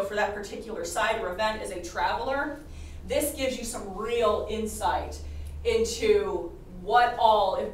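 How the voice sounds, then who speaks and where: Echoey, distant woman presenting history. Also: medium pitch. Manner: chatty, laughs often, many fillers and restarts. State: losing her voice. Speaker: podcast host and presenter. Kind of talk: live presentation talk. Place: historic house presentation room. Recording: very echoey room, distant mic, faint noise.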